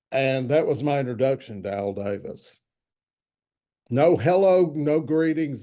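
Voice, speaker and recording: Guest: sixties male sportswriter, warm low-key timbre, yarn-spinner who voices the people he quotes. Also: measured pace. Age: 60s. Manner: anecdotal, acts out quotes in other voices. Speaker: longtime football writer, guest. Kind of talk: storytelling interview chat.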